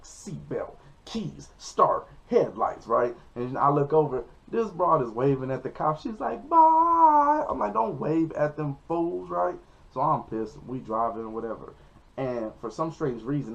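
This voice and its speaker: A young man in his twenties, a comedian telling a story in a casual vlog, animated and jumping into high yelps when he quotes people. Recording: dull lo-fi recording.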